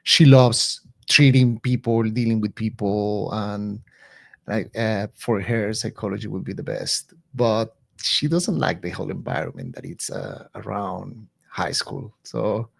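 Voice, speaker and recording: Gravelly man describing his character. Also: lowish voice, animated, a little slow, no room sound. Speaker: player. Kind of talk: tabletop play.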